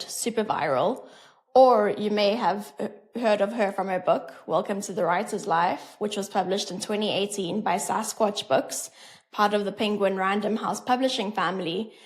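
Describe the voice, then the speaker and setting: A woman podcast host reading a scripted introduction, then asking thoughtful interview questions. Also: medium pitch.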